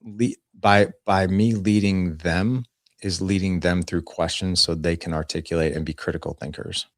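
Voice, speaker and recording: A podcast guest in his forties, a fatherhood coach, tells stories in a casual interview, speaking earnestly and plainly about family life and acting out snippets of dialogue. His low voice holds a steady tone at a moderate pace. The recording is dry and studio-clean.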